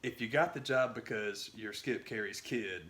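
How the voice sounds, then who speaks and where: A man co-hosting a podcast, chatting about sports in a rambling, excitable way that trails off and restarts. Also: lowish voice, moderate pace. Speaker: podcast co-host. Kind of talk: casual sports chat.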